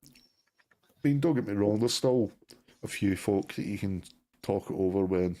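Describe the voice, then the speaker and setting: A man's voice: lowish voice, unhurried, mellow. A middle-aged man from Clydebank with a Glasgow-area Scottish accent, telling stories on a casual live-stream chat and swearing freely. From Scotland, Clydebank near Glasgow. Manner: storytelling, swears freely, restarts a lot. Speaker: co-host.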